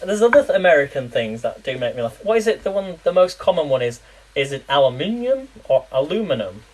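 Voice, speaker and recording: A man's voice: a little high, big pitch swings, brisk, rough recording. Chatty man cooking live. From England. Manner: chatty, rambling, laughs often, quizzes viewers. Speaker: live-streaming home cook. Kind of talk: casual live cooking chat.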